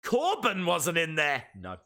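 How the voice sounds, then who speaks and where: A man hosting a live reaction stream, chatting casually and excitedly to his viewers as he thinks out loud. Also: fairly high pitch, measured pace.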